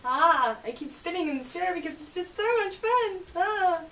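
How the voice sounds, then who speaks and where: A woman's voice: very high voice, lively intonation, moderate pace, pushed and bright. A young woman vlogging casually, chatty and giggly, with sarcastic asides while reading aloud. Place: bedroom, spinning in a chair. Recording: roomy, distant, faint hiss.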